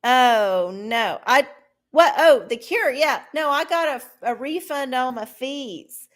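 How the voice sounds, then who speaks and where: A woman's voice: high voice, animated, takes it slowly. A woman hosting a live stream of oracle card readings, chatting casually with viewers in a rambling, profane way. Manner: profane, rambling, laughs often. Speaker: livestream host giving oracle card readings.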